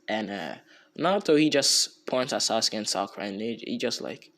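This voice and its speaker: A man's voice: medium pitch, lively intonation, a little fast, fairly bright tone. A young man casually retelling a fan story off the cuff, rambling and slangy, with many fillers and restarts.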